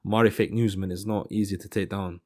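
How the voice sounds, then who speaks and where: Rambling man with a low voice. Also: fairly even intonation, a little fast, a little mellow. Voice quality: rambling, self-correcting. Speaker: MMA commentator. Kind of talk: casual fight commentary.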